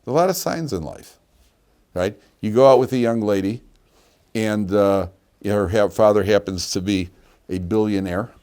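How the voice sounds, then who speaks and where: Man, rabbi giving a lively yeshiva class; lowish voice, animated delivery. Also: moderate pace. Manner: animated storyteller, laughs at his own stories. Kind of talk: lively classroom lecture with anecdotes.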